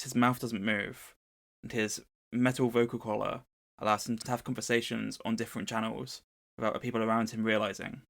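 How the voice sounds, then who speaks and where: Gravelly-voiced man recapping a story. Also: on the low side, a bit bright. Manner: storytelling summary of a book plot. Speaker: podcast co-host. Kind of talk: casual podcast recap.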